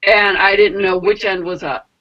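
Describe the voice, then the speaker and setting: A woman telling a personal story in a casual, rambling way, acting out her own quotes with big jumps in pitch. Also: fairly even intonation, moderate pace, highs cut off. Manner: rambling with many fillers like "like" and "you know". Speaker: spiritual mentor and energy healer.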